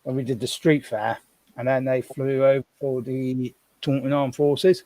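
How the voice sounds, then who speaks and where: A man's voice: mid-range voice, level tone, a little slow, mellow, dry recording. A man chatting casually on a live stream, rambling and thinking aloud as he sorts through things at home.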